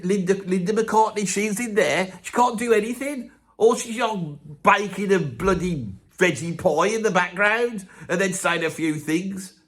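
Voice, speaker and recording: A man playing a grumpy older man from Birmingham with a Birmingham accent, ranting bluntly and swearing in a comic monologue. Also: high voice. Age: 70s. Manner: blunt, grumbling, swears constantly. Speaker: comic character.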